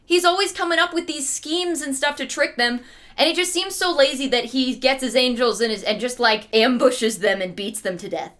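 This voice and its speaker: A young woman retells an old story as a streamer, dropping in sarcastic, playful asides. Her voice sits a little high and sounds bright and forceful. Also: moderate pace. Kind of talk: casual comedic retelling.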